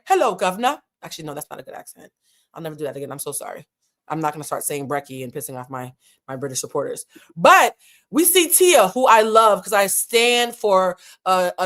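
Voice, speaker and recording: A woman hosting a casual reality TV recap, talking candidly and brashly, swearing freely and breaking into quick asides. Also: mid-range voice, a bit bright. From United States. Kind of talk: casual profane recap commentary.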